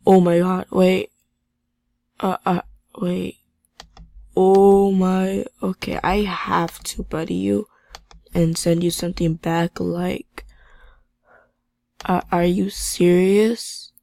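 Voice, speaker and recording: A woman chatting her way through a game session on a desk mic, her low voice full of vocal fry. She drawls slowly but gets flustered fast, stammering and repeating herself and grumbling at the lag. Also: no echo. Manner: excitable, stammering, easily flustered; impatient about lag. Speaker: game video creator. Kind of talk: casual gameplay commentary.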